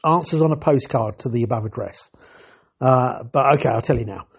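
A man's voice: mid-range voice, brisk, breathy edge, muffled recording. An older man telling chatty, dryly humorous stories about his years as a TV technician. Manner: chatty, self-interrupting, dry humour. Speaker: retired TV technician. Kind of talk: anecdotal storytelling.

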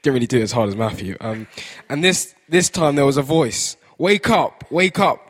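A man's voice: medium pitch, expressive, brisk. A man telling a children's story in church in an easygoing way. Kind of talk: read-aloud storytelling.

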